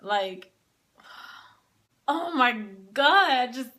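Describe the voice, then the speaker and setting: Bright-voiced young woman telling her story. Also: high-pitched, lively intonation, drawn-out words. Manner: casual, heavy use of "like", emotional retelling. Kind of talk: personal storytelling to camera.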